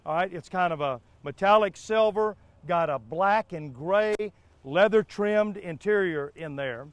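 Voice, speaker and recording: A man's voice: high voice, measured pace, dry recording. A man hosting a car dealership TV spot, pushing deals in a repetitive way, checking in with "all right?" and "okay?". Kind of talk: live car sales pitch. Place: car lot outdoors.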